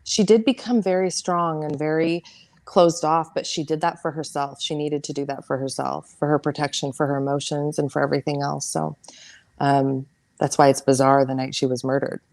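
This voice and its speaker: Middle-aged woman, deep register, dry close sound, earnest halting interview guest. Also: level tone, a little mellow, dry recording. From United States. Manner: earnest, halting, repeats words. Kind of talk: emotional personal storytelling.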